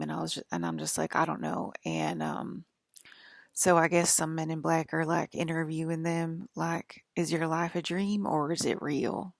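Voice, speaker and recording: A woman's voice: deep voice, vocal fry, no echo. A woman speaking in a put-on Southern accent as her persona, rambling with many fillers in a casual monologue.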